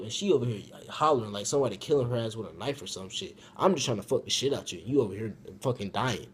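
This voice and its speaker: A young man telling a personal story in a casual story-time vlog, profane and animated, swinging from loud outbursts to low mumbles. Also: brisk, hardly any pauses, breathy edge.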